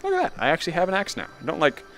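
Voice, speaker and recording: Gravelly sarcastic young man streaming. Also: fairly high pitch, huge pitch swings, very fast, a bit bright, slight background noise. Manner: sarcastic, critical, laughs often. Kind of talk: live gaming commentary. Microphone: VR headset mic.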